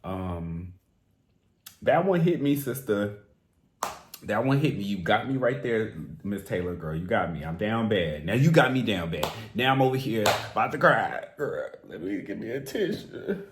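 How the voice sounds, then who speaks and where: A man hosting a music reaction, talking straight to the singer in a theatrical, animated way. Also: on the low side, normal speed, echoey room, noisy background. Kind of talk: casual song reaction commentary.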